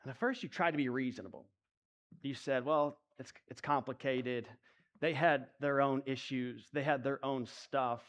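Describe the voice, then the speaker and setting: A man preaching a sermon, moving between hushed, intimate lines and emphatic rises. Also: mid-range voice, fairly even intonation, normal speed. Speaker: pastor.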